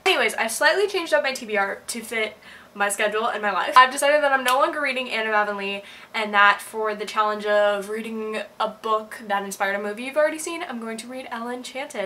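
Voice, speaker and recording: Young female book vlogger, casual chat at home, bubbly and giggly, bright tone, slight hiss on the camera mic. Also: a little high. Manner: bubbly and giggly, gushing with excitement.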